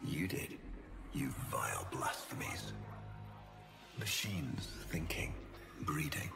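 An actor with a Scottish accent playing a scheming older man in a game cutscene, theatrical and menacing with hushed whispers. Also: extremely low pitch, huge pitch swings, takes it slowly, heavily acted. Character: scheming older man, a cold, gloating villain. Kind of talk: video game cutscene acting. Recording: game audio with loud music underneath.

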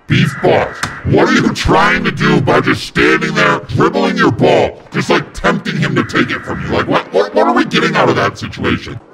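A man yelling and cursing in frustration while playing video games, his voice run through a demonic filter. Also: mid-range voice, sing-song, normal speed, vocal fry, few pauses, over loud music. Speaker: gamer. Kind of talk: rage-filled gameplay commentary.

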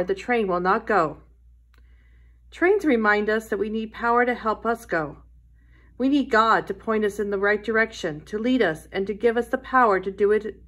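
A woman teaching a Sunday school lesson, telling a Bible story to children in a gentle storytelling way. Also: mid-range voice.

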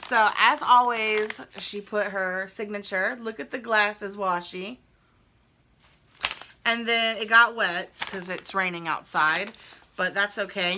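In a noisy setting at home, a young adult woman vlogger with a mid-range voice opens fan mail, chatting casually as she gushes and thinks aloud.

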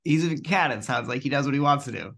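A man's voice: mid-range voice, fast, gravelly, a bit bright. A man hosting a casual interview, joking and easygoing. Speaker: host.

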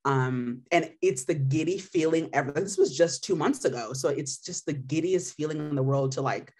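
A woman's voice: deep voice, normal speed, darkish tone, slightly rough. A young woman in her twenties from Missouri, giving a candid, emotional personal testimonial full of "like" fillers. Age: 20s. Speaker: patient sharing her story.

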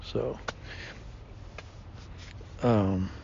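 Slow mellow dude rambling on, lots of um and you know, kinda muffled with a low rumble. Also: male voice, steady tone, creaky. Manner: rambling, slangy, many fillers. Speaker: podcast host. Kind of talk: casual monologue. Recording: dull lo-fi sound with faint rumble.

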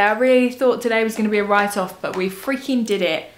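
A young woman from England, chatting casually to her camera at home, self-deprecating and quick to laugh. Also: fairly high pitch, fairly even intonation. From southern England. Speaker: vlogger. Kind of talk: casual vlog chat to camera. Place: at home, indoors.

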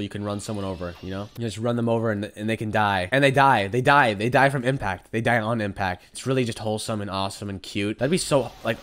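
A man giving casual, sarcastic gameplay commentary, joking around and breaking into sudden high squeals and shouts. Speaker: gaming commentator. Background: game music.

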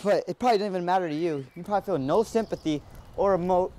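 A young man in an amateur short film playing a talkative young man who befriends a creature, quick to get exasperated and quick to apologize. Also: high-pitched, mellow, slight background noise, lightly acted.

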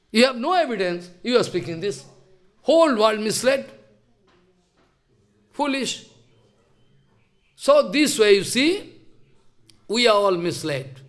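A man giving a sermon as a spiritual teacher, emphatic and scolding, firing off rhetorical questions. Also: very high-pitched.

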